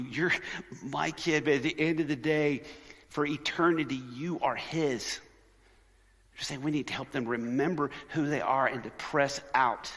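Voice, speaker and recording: Male conference speaker, lively sermon delivery that acts out voices, recorded in a big reverberant hall. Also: mid-range voice. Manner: animated, conversational, shifts into quoted voices. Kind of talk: sermon-style talk.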